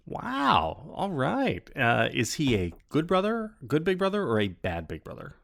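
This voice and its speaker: A man's voice: a little high, huge pitch swings, a little slow, gravelly, a bit bright. A man hosting a podcast in casual chat, joking and rambling with lots of fillers. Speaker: podcast host.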